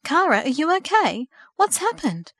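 Woman playing a fussing, eager aunt, pitched up, storybook, dry. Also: animated, quick pace, fairly bright tone, dry recording. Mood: concerned. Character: excitable, caring middle-aged aunt.

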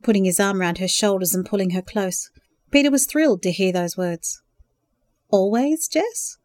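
A woman narrating a romance novel in a calm, even storytelling voice. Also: mid-range voice, fairly quick, no echo. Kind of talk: scripted audiobook narration.

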